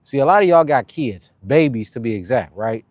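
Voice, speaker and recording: Laid-back Californian guy, lively pitch. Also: a little fast, no room sound. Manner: laid-back slang, talks between exercise sets, shouts out viewers. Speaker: fitness streamer. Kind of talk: casual live-stream workout chat.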